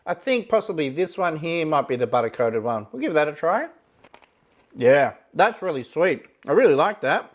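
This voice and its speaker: An easygoing food reviewer talks through a taste test at normal speed, very animated, his pitch swinging up and down. He thinks aloud casually between bites, dropping small fillers and "yeah, look" as he judges each item.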